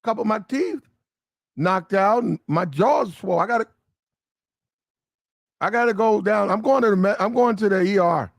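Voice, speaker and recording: A man voicing a confused man recounting how he got knocked out, halting and repeating himself. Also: sits high, no echo, clean studio sound. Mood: dazed. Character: dazed man just knocked out.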